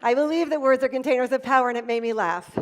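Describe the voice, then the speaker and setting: A middle-aged woman giving a motivational keynote at an event, telling stories with dramatic pauses. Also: high-pitched. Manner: animated storytelling with dramatic pauses. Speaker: motivational speaker. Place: event hall.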